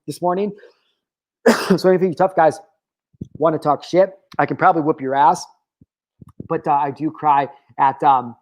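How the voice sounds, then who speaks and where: A man in his thirties speaks as host of his own motivational talk. His voice sits a little higher than most men's, and he talks candidly, swears freely and wanders into tangents with plenty of filler words. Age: 30s.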